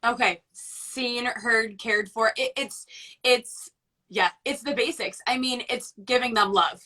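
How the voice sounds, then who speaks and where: Bright, high-voiced woman host. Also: takes it slowly. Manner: encouraging, affirming, laughs often. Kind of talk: casual video-call interview.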